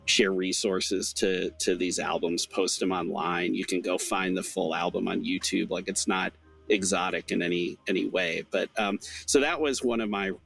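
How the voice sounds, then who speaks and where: A man in casual podcast chat, talking in a relaxed way and thinking aloud as he goes. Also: deep voice, moderate pace, vocal fry, soft background music.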